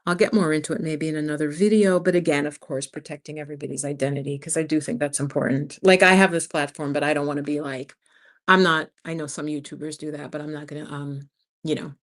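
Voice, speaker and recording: Her voice is low and steady, and she talks fast. She's a channel host in her fifties with a New York accent, running an easygoing livestream and leveling with viewers she calls "you guys."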